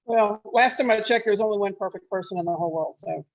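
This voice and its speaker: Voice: medium pitch, fast, muffled recording. A student in a Latin class politely asking the teacher about pronunciation. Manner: polite, careful questioner. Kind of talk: classroom question.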